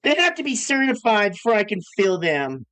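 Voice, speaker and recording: A man voicing a fussy, rule-bound gas shop clerk who speaks in a prim, officious sales-pitch tone. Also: sing-song, fairly quick, a bit bright, smooth.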